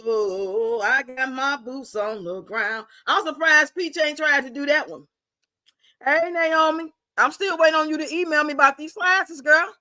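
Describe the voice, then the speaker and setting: A woman's voice: sits high, sharp tone, no room sound. A woman hosting a casual livestream, blunt and profane, chatting and reading out viewer comments. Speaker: livestream host.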